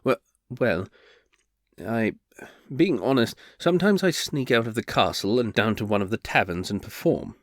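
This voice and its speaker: A man's voice: lowish voice, lively intonation, normal speed, no echo, studio quality, natural voice. A man voicing a flustered male bard turned reluctant duke, who stammers and hesitates nervously.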